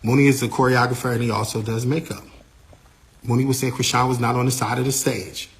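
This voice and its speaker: A man, an artist's manager, recounting a backstage incident in a lively, casual way, repeating himself and using slang. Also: medium pitch, quick pace, creaky. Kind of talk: animated storytelling.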